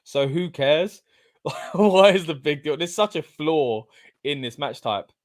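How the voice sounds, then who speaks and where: Casting: English male co-host, fairly high voice, chatty, bursts of excitement. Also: slow pace. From England. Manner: excitable, chatty, loud exclamations. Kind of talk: casual watch-along commentary.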